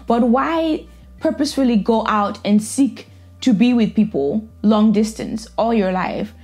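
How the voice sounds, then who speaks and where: A woman's voice: on the high side, lively intonation, a little slow, a little mellow, faint music behind. A woman vlogger giving casual, opinionated reaction commentary in a blunt, sassy way.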